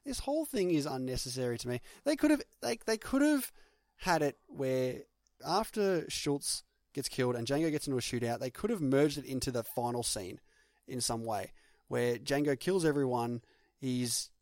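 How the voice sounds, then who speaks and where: A man's voice: mid-range voice, animated, moderate pace, a little mellow, no room sound, clean studio sound. A young adult Australian man co-hosting a casual film podcast, arguing his opinions in a critical, blunt way. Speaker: podcast co-host.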